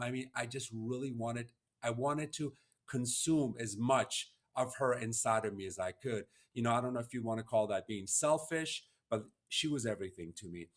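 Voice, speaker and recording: A man's voice: mid-range voice, moderate pace, fairly bright tone. A man hosting a podcast, telling a personal story in an earnest, emotional, heartfelt way. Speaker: podcast host.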